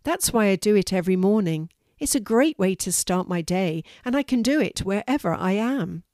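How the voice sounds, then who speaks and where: A woman voicing a kind young girl who guides calmly and patiently. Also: medium pitch, moderate pace, no room sound, studio quality, lightly acted. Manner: calm and instructive.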